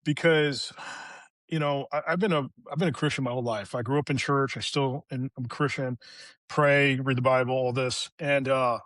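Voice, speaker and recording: A man sharing personal stories as a podcast guest in a casual, animated way, acting out the people he quotes. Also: mid-range voice, moderate pace, no echo. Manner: animated, acts out quoted voices in retelling. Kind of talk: casual conversational storytelling.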